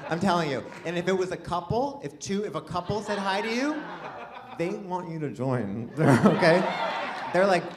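A man's voice: sits high, animated, moderate pace, a crowd in the background. A man performing a stand-up comedy set, chatty and self-deprecating, rambling with restarts. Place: comedy venue, live audience. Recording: live venue with audience laughter.

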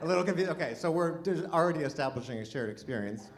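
Higher-voiced man doing self-deprecating stand-up. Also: lively intonation, fast talker, slight background noise. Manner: chatty, self-deprecating, playful asides. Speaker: stand-up comedian. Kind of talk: stand-up comedy set. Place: live comedy venue with an audience.

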